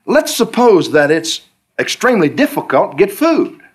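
A middle-aged preacher man delivering a sermon with a fairly high, very lively voice that leaps up on every question. He tells homespun stories and plays out conversations with the Lord. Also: moderate pace, breathy edge. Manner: storytelling, acts out dialogues with the Lord, pitch swooping high on questions.

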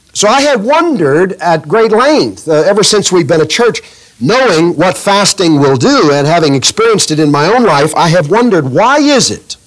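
A man's voice: a little high, rough recording. Lilting, emphatic preaching man. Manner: emphatic and lilting, slows on key phrases; asks the congregation to underline words. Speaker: pastor. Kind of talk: sermon reading scripture aloud.

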